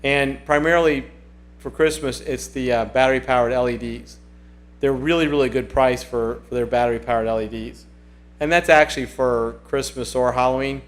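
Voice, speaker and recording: A man's voice: medium pitch, fairly even intonation, moderate pace. A man hosting a casual livestream, chatting and reading viewer comments aloud in a rambling way that often repeats itself. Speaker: livestream host.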